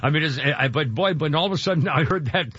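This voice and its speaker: A man's voice: fairly high pitch, quick pace, fairly bright tone, a little hiss or hum. A man hosting a radio talk show, rambling and choked up. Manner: emotional, rambling with many restarts. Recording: dull lo-fi broadcast with faint music.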